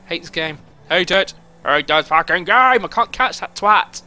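A young man talks through his gaming session in a high, bright voice. He swears constantly and flares into frustrated outbursts. Faint music plays behind him. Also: sing-song, brisk, hardly any pauses. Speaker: gaming YouTuber. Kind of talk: live gameplay commentary.

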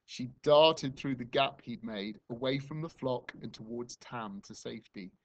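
Expressive male teacher reading a story aloud. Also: medium pitch, a little slow, dull audio. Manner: expressive storytelling, dramatic dynamics. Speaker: primary school teacher. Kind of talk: reading a novel aloud to a class.

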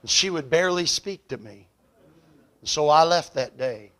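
A man preaching a revival sermon in a church. He tells a story and swells loud and high at the climaxes, then drops soft at the closes. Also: lively intonation, a little slow. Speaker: evangelist preacher. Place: church sanctuary.

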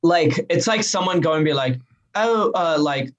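A man's voice: fairly high pitch, normal speed, rough recording. An American man, a stand-up comedian, chatting playfully as a podcast guest, laughing often and filling with "like". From United States, family from Yemen. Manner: laughing, playful, uses lots of "like". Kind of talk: casual interview chat.

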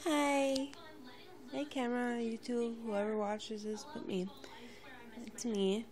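A woman vlogging casually to her camera, rambling with many fillers and restarts in a fairly monotone voice. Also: a little high, slow pace, crowd noise. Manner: monotone, by her own account; quiet, subdued and near a whisper. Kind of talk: casual home vlog talk.

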